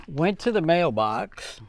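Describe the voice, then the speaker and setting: A man hosting his own vlog, talking earnestly and heartfelt to viewers in a halting way, with many fillers and restarts. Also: a little high, vocal fry, noisy background. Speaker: channel host. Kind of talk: casual vlog talk to viewers.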